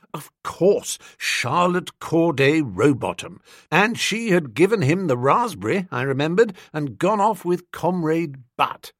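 A man reading a comic novel aloud as narrator, telling it with lively, wry, dry humor. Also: a little high, slightly rough, no room sound. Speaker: audiobook narrator.

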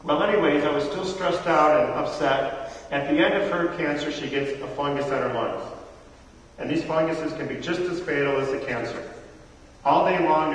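A man's voice: a little high, slight background noise. A middle-aged man preaching a sermon in a chatty, conversational way, asking his congregation questions, recorded from far off in an echoey church hall.

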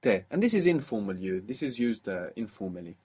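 Brief: male language tutor, slightly husky, very animated intonation, patient prompting style. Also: fairly low pitch, brisk. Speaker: language teacher. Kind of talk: spoken language lesson.

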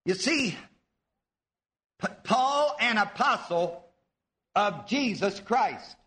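Lively, high-voiced preacher teaching slowly. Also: male voice. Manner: teaching, asks the audience questions, stresses words slowly. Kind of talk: sermon. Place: church before a live audience.

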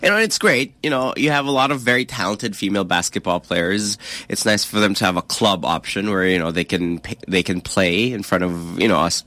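A man speaks in a lowish, bright, forward voice. He explains things in an earnest, even way. The sound is dry and close on a studio mic. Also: brisk, few pauses, no room sound. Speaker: radio co-host. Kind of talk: casual radio banter.

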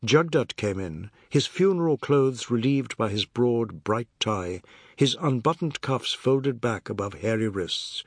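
A man reading a novel aloud as an audiobook narrator, in a measured, expressive way. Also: medium pitch, dry recording, clean studio sound.

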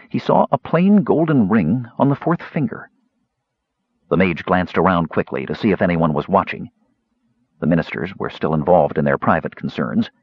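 A man narrating a fantasy audiobook in an expressive storytelling manner. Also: sits low, vocal fry, husky, no room sound, dull audio.

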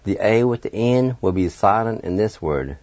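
A man's voice: fairly low pitch, animated, normal speed, a little mellow, dry recording. A man teaching a radio language lesson, patiently spelling words letter by letter and encouraging learners. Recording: dull, dry lo-fi radio sound.

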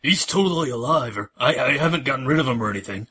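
A man on a comics podcast making deadpan jokes. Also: medium pitch, quick pace, breathy edge. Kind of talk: casual comic book banter.

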